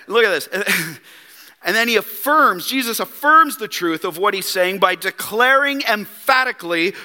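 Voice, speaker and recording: A man's voice: sits high, sharp tone, long reverb tail. A man preaching a sermon as a pastor, emphatic and full of rhetorical questions, acting out quoted lines. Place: church sanctuary.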